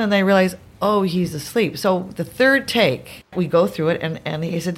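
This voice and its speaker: A woman telling a long anecdote as a podcast guest, acting out the people in it with quick changes of voice. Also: lowish voice, creaky, slightly rough. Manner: animated, acts out the voices in her stories. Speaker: guest performer.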